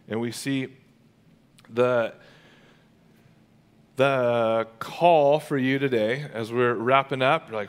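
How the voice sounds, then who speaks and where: Male pastor, everyday conversational sermon, jokey then fervent, mid-pitched voice. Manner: casual and humorous, swelling to loud fervent preaching.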